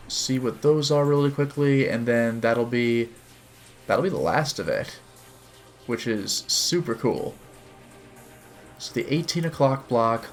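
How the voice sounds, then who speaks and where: A man playing a visual novel on stream, chatting casually and reading its narration and dialogue aloud with light character voices. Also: medium pitch. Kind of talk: casual game commentary with read-aloud narration.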